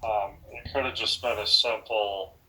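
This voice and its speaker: A man in a casual conversation, calmly explaining step by step how things may have happened. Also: lowish voice, a little slow, noisy background.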